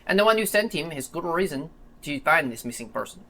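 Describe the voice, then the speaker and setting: A man voicing a secretive, earnest father with a French accent, reading his letter in a grave, measured way. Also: fairly high pitch, lively intonation, fairly bright tone, a little hiss or hum.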